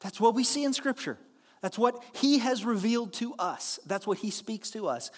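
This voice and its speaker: A man with a notably high voice preaches from the pulpit, moving between lively storytelling and slow, weighty declarations. His words carry a long reverb, as though filling a large sanctuary. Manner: earnest, animated storytelling with slow emphatic lines. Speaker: pastor. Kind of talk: sermon.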